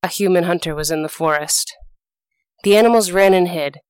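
Smooth-voiced woman telling folk tales. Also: fairly low pitch, a little fast, no echo. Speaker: podcast host and storyteller. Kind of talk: scripted storytelling narration.

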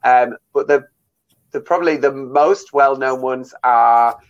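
A stage actor as a guest on a radio chat, talking casually and with enthusiasm, with many fillers. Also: male voice, mid-range voice, unhurried, highs cut off.

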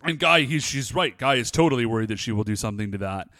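At a quick pace and with a mid-range voice, a podcast co-host chats casually in echo-free studio quality. He's animated as he walks through a TV episode, leaning heavily on fillers like "like" and "uh."

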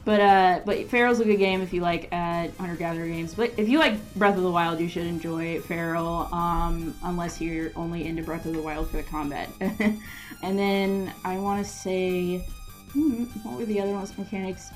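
A woman's voice: on the low side, fairly even intonation, normal speed, faint music behind, rough recording. Giggly, hesitant woman podcast guest. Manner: giggly and hesitant, many ums. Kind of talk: casual chat.

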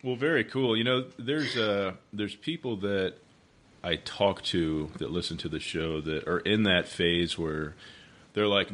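Deep-voiced man hosting a podcast. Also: unhurried, fairly bright tone. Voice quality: booming radio voice. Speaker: podcast host. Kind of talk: casual podcast interview.

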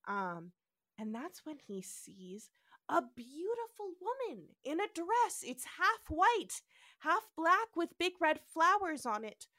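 A woman's voice: very high voice, big pitch swings, slow pace, pushed and bright, no room sound, clean studio sound. A woman co-hosting a podcast, playfully retelling a TV episode, laughing often and acting out the characters' lines. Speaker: podcast co-host. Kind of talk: casual chat, retelling an episode.

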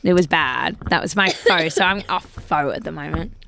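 A woman's voice: low-pitched, normal speed, creaky, fairly bright tone, a little hiss or hum. A young woman in casual chat, telling stories animatedly and swearing freely.

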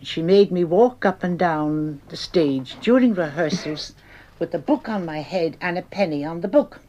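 A woman's voice: fairly low pitch, expressive, normal speed, mellow. A woman, a former stage actress, reminiscing plainly and earnestly about rehearsals in an old archive recording. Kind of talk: archival interview recollection. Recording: muffled archival broadcast.

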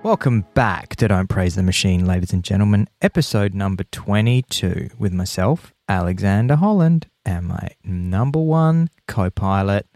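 A man's voice: sits low, animated, normal speed, few pauses, darkish tone, no echo, faint music behind. A man hosting a podcast in casual chat, enthusiastic and playful, often repeating lines for effect. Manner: enthusiastic, repetitive listing, playful. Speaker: podcast host.

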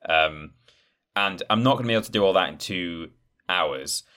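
A man's voice: low-pitched, moderate pace, sharp tone, clear, resonant tone. A man co-hosting a gaming podcast in casual chat, talking in a chatty, meandering way and correcting himself as he goes. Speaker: podcast co-host.

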